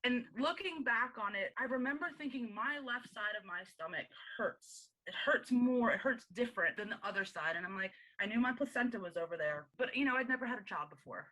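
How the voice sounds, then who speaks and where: A woman in her thirties, a podcast guest, candidly telling a personal story in an interview, animated and acting out the dialogue. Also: fairly high pitch, a little fast, few pauses, poor audio. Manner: animated, acts out quoted dialogue with frequent laughs.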